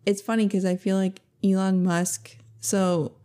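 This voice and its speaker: A woman's voice: mid-range voice, flat delivery, unhurried, mellow. A woman co-hosting a podcast, chatting casually, laughing often and saying "like" a lot. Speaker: podcast co-host. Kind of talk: casual chat.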